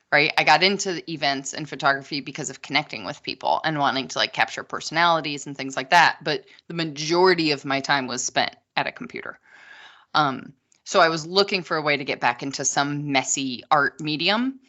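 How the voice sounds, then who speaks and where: A woman's voice: low voice, sharp tone, muffled recording. A woman guesting on a podcast, talking casually and at length, with many asides. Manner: long-winded, chatty, many asides. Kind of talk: casual chat.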